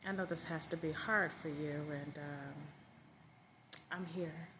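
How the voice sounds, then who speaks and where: A woman's voice: sits low, fairly even intonation, a little slow, noisy background. A woman voicing Tasha, an adult wife who talks in a sugary, reassuring way. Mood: sweet.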